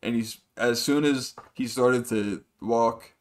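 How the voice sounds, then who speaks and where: A man hosting a podcast slowly works through a long, rambling story laced with profanity, acting out other people's lines in shifting voices. His voice sits in the mid-range, and the whole thing is a relaxed monologue.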